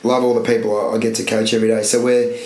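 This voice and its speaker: A man's voice: fairly low pitch, little pitch movement, racing, darkish tone, slight background noise. A young man, a running coach, chatting casually on a podcast in a loose, rambling, self-correcting way. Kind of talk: casual chat. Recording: echoey room.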